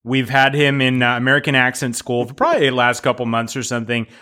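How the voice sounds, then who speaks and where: A man hosting a podcast, joking and laughing often in relaxed banter. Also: medium pitch, quick pace. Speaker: podcast host. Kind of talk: casual chat.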